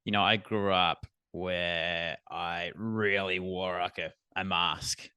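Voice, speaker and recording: An Australian man talks as a podcast guest in a relaxed, halting way, laughing easily. His voice is bright and crisp, and the recording is dry and close with no room sound. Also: deep voice, dry recording. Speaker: business coach, podcast guest. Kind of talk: casual podcast interview.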